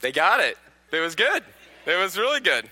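A man's voice: sits high, sing-song, moderate pace, sharp tone. A man in his thirties from Pennsylvania, a guest preacher telling humorous stories and quizzing the congregation. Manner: joking, questions the audience. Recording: echoey church hall.

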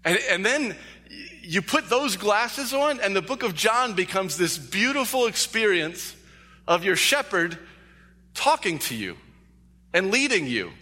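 A man's voice: high-pitched, big pitch swings, measured pace, bright, forceful tone. A male pastor preaching a sermon, earnest and emphatic, repeating key phrases. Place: church sanctuary. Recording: long echo of a large hall.

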